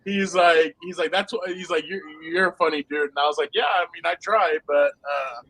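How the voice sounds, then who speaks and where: A man co-hosting a casual football podcast, telling animated anecdotes and laughing often. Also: a little high, a little fast, no echo, rough recording. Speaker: podcast co-host, football reporter. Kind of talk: casual sports podcast chat.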